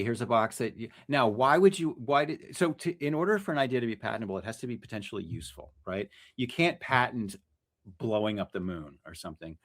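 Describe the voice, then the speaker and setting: A man, a freelance journalist, talking casually in an interview, often restarting his sentences and correcting himself. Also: medium pitch. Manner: restless, self-correcting, many restarts and fillers. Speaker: freelance journalist, podcast guest.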